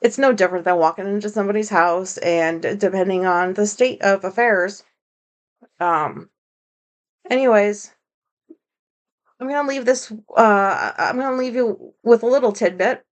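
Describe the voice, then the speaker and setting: A woman hosting a casual solo podcast, rambling and swearing freely, mocking herself, and high on marijuana. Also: moderate pace. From United States. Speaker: podcast host.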